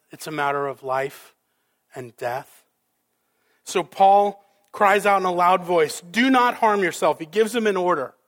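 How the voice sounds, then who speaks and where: A male pastor preaching a sermon, dramatic, with rhetorical questions and swings between loud and soft. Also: high-pitched.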